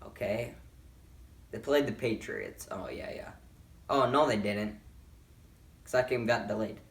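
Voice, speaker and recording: A man's voice: on the low side, measured pace. A tired man casually making football picks, rambling and correcting himself as he goes. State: tired, yawning. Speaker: sports picks vlogger. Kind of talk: casual picks and predictions talk. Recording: roomy, mic a bit far off.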